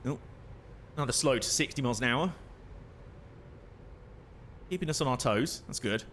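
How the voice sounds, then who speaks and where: Young male streamer, mid pitch, chatty, jokey, self-deprecating, faint hiss behind. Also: lively intonation, moderate pace, fairly bright tone. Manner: chatty, self-mocking, laughs often. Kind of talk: casual gameplay commentary.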